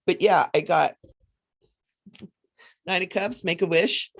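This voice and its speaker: A woman hosting a casual psychic livestream, chatty and animated, often laughing as she reads cards. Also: on the low side, slow, creaky. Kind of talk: casual livestream chat with card readings.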